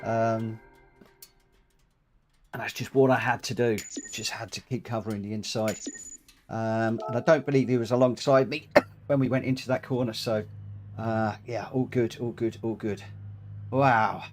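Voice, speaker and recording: A man streams a driving game and talks through each race in a loose, chatty way, repeating phrases as he goes. He coughs often and sounds short of breath. Game music plays clearly under his voice. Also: medium pitch, steady tone, a little slow, pauses often. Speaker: live-streaming sim racer. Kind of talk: casual live-stream commentary.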